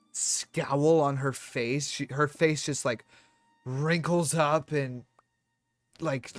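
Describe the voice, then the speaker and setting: A man streaming, telling a story in a rambling, animated way with many restarts and fillers. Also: on the high side. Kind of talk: casual storytelling on a live stream.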